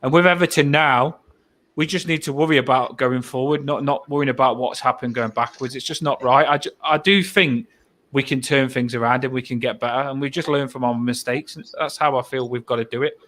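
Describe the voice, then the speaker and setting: A man's voice: mid-range voice, fairly quick, a bit bright. A man co-hosting a casual fan chat, talking in an earnest, upbeat and repetitive way. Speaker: co-host of fan channel.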